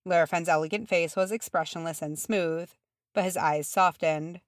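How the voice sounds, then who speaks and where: Woman audiobook reader, low voice, even storytelling, dry close mic. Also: normal speed, no room sound. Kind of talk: fan fiction narration.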